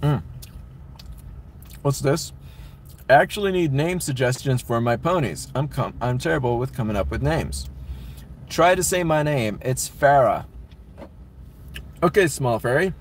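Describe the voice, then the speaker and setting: A man's voice: mid-range voice, lively intonation, unhurried, pauses often, slight background noise. A young man casually chatting and reading viewer messages on a livestream, rambling and laughing often. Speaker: livestream host reading chat. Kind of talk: casual live-stream chat.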